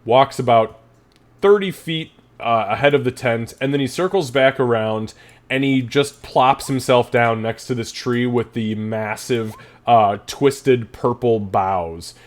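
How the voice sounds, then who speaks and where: A man's voice: medium pitch, unhurried. A man running a tabletop game, narrating casually with swearing and laughter. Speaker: game master.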